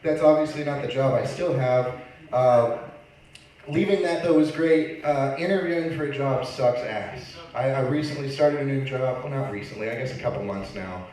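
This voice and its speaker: Sarcastic stand-up comic in an echoey bar. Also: male voice, mid-range voice, normal speed, a little mellow. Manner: sarcastic, exasperated storytelling. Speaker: open mic host and stand-up comedian. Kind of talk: stand-up comedy set. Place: comedy bar lounge. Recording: echoey room, voice from far off.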